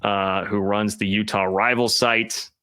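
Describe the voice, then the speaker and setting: A man's voice: on the low side, flat delivery, a little slow, sharp tone. A man giving emphatic, opinionated college football commentary, talking directly to his chat viewers.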